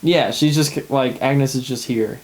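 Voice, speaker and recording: A man's voice: medium pitch, measured pace, a little mellow, low-quality recording. A man co-hosting a casual podcast chat, animatedly retelling scenes and acting out the characters' lines. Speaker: podcast co-host.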